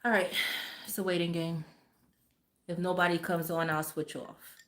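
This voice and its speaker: A woman's voice: lowish voice, flat delivery, moderate pace. A woman hosting a casual livestream, greeting viewers by name, chatty and profane, laughing often. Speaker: livestream host. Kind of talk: casual live-stream chat.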